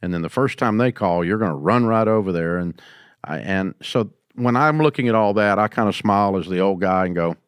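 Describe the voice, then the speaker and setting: An older man hosting a business advice show, answering a caller in a folksy storytelling way and going quieter when he quotes people. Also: fairly low pitch, lively intonation, brisk, smooth, dry recording, studio quality. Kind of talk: call-in advice talk.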